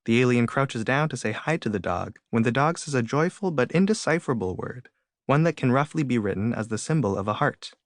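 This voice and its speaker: A man reading his own illustrated storybook aloud in gentle, plain narration. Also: mid-range voice, animated, fairly quick, no room sound, clean studio sound. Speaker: author and narrator. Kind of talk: scripted audiobook narration.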